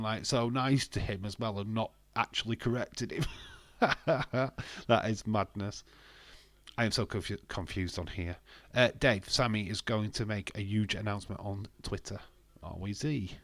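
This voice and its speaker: A man hosting a live stream, chatting casually and reading viewer comments in an excitable, swearing, laughing manner. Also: on the low side, no echo.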